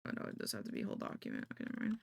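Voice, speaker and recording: While working on a live stream, a woman talks casually to viewers, musing aloud with jittery self-deprecation. She speaks at a racing pace in a darkish tone.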